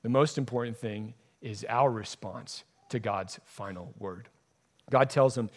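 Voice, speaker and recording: A man's voice: lowish voice, measured pace, a little mellow. A man preaching a sermon as a pastor, driving his points home by repeating key phrases.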